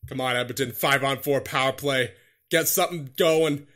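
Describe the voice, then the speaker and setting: A man's voice: mid-range voice, moderate pace, fairly bright tone. A young man commentating his own hockey video game, out of breath, nervous and pleading, calling the plays like a broadcaster. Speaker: gaming YouTuber playing a hockey franchise.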